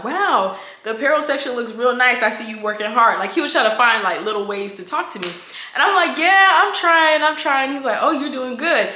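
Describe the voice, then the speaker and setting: A woman, telling a casual storytime, animated and slangy, acting out the dialogue. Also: on the high side. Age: 20s. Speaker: vlogger. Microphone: camera mic. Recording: echoey room.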